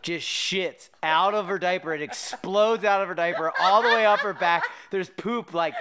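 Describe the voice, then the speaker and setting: A podcast host telling a funny story in a casual, animated chat, often laughing as he talks. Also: sits high, normal speed, very noisy.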